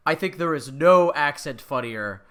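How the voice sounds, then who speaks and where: Bright, animated podcast co-host man. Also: on the high side, moderate pace, smooth. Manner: animated, jokey, opinionated. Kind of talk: casual podcast chat.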